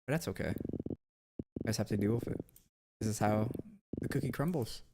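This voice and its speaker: A man's voice: lowish voice, normal speed, heavy background noise. A young man streaming and chatting casually, rambling and self-mocking with lots of fillers. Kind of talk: casual live-stream chat.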